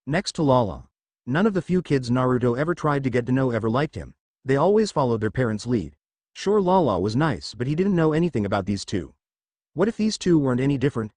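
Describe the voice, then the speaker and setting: Male narrator, fan story reading, lively pitch, dry close sound. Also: brisk, no echo.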